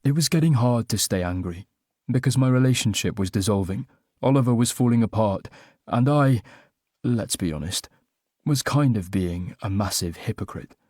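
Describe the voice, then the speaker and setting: A man's voice: on the low side, expressive, normal speed, a little mellow, dry recording. Wry male audiobook narrator, dry sound. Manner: wry, self-mocking comic delivery. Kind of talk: first-person audiobook narration.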